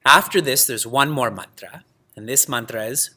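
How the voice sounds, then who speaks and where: A man teaching a religious class in a lively way, asking his students questions and laughing often. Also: medium pitch, normal speed. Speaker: spiritual teacher.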